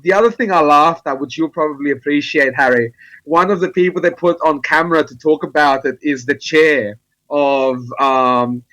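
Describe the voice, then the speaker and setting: A man's voice: a little high, moderate pace, a bit bright, no echo, low-quality recording. A man speaking as a guest on a football panel, wry and amused.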